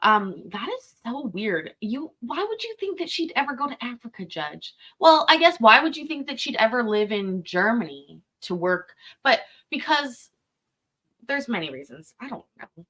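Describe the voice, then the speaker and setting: A woman's voice: a little high, sing-song, normal speed, fairly bright tone. A woman hosting a live stream, rambling and chatty as she reacts to a clip, swearing freely. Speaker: live-stream host reacting to a court show. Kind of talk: casual live commentary.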